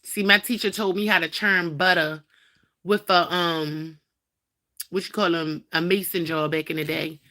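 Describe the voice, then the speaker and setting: A woman's voice: fairly low pitch, fairly even intonation, a little slow, sharp tone, dry recording, studio quality. A young woman, ranting casually on a phone livestream and scolding her cat. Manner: blunt, profane, talks to her cat and viewers.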